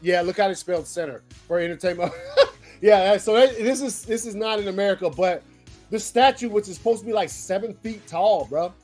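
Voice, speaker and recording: A man with a high-pitched voice hosts a casual commentary show on movie news. He talks loosely and animatedly, full of slang and swearing as he works through his opinions. Soft music plays faintly behind him. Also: brisk. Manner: animated, slangy and profane, thinking aloud. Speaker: pop-culture show host.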